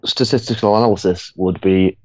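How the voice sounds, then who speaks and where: A man on a live stream calmly suggesting improvements in a measured, thoughtful way. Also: sits low, dry recording. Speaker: panelist on a game Q&A stream. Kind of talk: casual suggestion-giving. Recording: dry, dull lo-fi mic.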